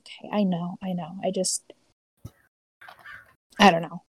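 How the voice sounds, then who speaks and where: A sulky teenage girl pushes back at her mother in short, exasperated bursts, voiced by a woman in a tabletop game. The voice is a little husky and sits close and dry. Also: lowish voice, little pitch movement, measured pace, no echo. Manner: exasperated, defensive.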